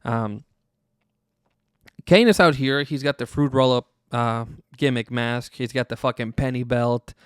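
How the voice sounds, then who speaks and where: A man's voice: medium pitch, unhurried, clean tone, dry recording, studio quality. A man hosting a podcast, recapping casually in a rambling, profane way, full of fillers and chuckles. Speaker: podcast host.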